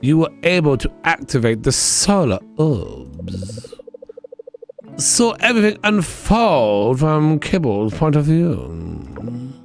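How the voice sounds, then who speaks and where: A man doing a slow theatrical villain woman. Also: mid-range voice, creaky, voice pushed up, exaggerated voice. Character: woman villain scientist, "evil German" vampire.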